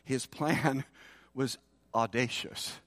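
Male pastor, slow deliberate sermon delivery, dry close sound, swings from forceful to hushed. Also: dry recording. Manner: expressive preaching, swinging between loud emphasis and hushed lows.

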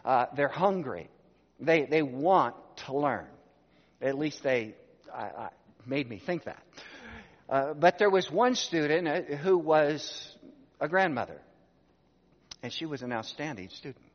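A man's voice: on the high side, expressive, unhurried, long pauses. A man in his sixties, a pastor preaching a sermon, telling a family story and putting rhetorical questions to the congregation. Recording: dull sound with long hall reverb.

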